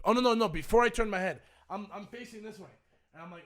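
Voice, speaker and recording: Young man, fairly high voice, casual stream storytelling, animated, swears freely. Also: quick pace. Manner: animated retelling that acts out both sides with swearing. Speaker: streamer and co-host.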